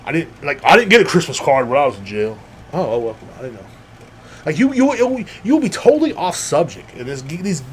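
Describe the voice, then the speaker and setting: Male host, young, rambling and lively, slightly high voice, faint noise behind. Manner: rambling, animated, acts out quoted people. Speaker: podcast host. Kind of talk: casual monologue.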